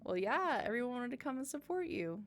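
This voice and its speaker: Woman gamer narrating a dating sim, fry in the voice, playful reads, light music bed. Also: fairly high pitch, big pitch swings, fairly quick. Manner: playful, voices several characters, laughs and tears up. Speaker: let's play gamer. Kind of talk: reading a dating game aloud with voices.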